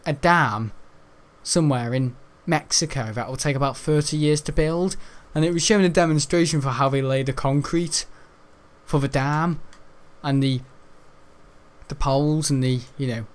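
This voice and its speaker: A man's voice: on the high side, normal speed. A young man telling a school story while gaming, laughing often and tripping over his words. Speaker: gaming streamer.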